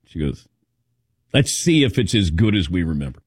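A man hosting a radio talk show, telling a funny personal story with lots of life in his pitch. He slips into other people's voices as he quotes them. The sound is close and dry, like a studio mic. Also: sing-song, moderate pace, husky, dry recording. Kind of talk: casual storytelling chat.

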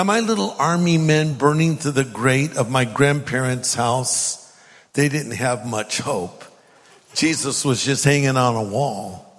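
Man preaching in a reverberant hall. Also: mid-range voice. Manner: reads scripture aloud with emphatic pauses. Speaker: pastor. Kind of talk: sermon.

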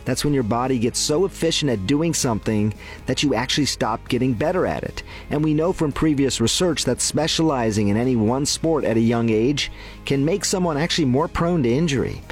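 A man reads a scripted health explainer in a calm, measured, informative tone. A faint music bed runs softly under his voice. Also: medium pitch. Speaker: health segment presenter.

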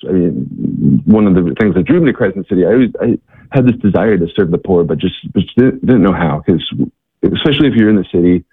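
A man telling earnest stories as an interview guest, halting with many restarts and fillers, over a phone-like line. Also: deep voice, animated, breathy edge, no room sound. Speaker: guest, missionary organization worker. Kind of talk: interview storytelling. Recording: tinny phone-like line, dry.

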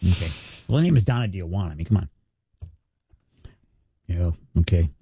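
A man's voice: deep voice, expressive, a little fast, gravelly, mellow, breathy edge, no echo. Give me a playful man reading on the radio. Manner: playful, laughs often, reads chatbot replies aloud. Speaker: morning radio host. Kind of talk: casual radio banter.

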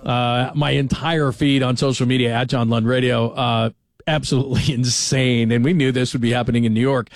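Chatty middle-aged sports radio host. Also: male voice, mid-range voice, no room sound, clean studio sound. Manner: lively, chatty, fast-moving delivery. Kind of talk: late-night sports talk radio. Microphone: studio microphone.

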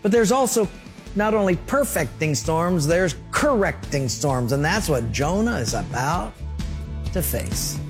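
A man's voice: on the high side, very animated, unhurried, faint music behind. A male pastor preaching a sermon, telling stories and acting out scenes and sound effects.

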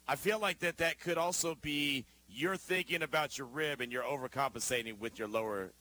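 A man's voice: mid-range voice, moderate pace, bright, forceful tone, slight background noise. A man hosting a sports talk radio show, talking emphatically and conversationally, often tossing in rhetorical questions.

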